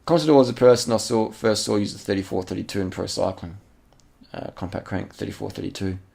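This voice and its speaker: A man with a very low, gravelly voice talks over race footage in a loose, excited way. He repeats himself, slips in slang and swears casually, like he's chatting to a mate. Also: fast talker. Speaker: channel host.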